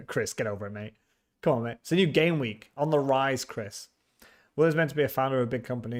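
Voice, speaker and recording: Casual male streamer, mid-range voice, banters with chat and restarts his sentences. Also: mid-range voice. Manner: chatty, teasing, laughs often, frequent restarts. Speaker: livestream host. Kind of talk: casual livestream chat reading viewer comments.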